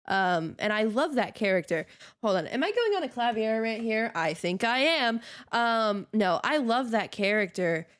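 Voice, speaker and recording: A woman streamer chatting casually on a live stream, ranting in an exasperated way and laughing often. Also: mid-range voice.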